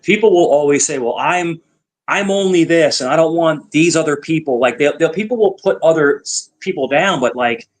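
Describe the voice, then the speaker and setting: A man hosting a casual panel chat, rambling and repeating his words, quick to laugh. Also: mid-range voice. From Italian heritage.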